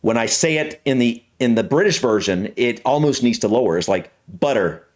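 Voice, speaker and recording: A man's voice: medium pitch, animated, brisk. An American man hosting a reaction video, chatting casually and repeating practice words while laughing at himself. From United States. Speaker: reaction channel host.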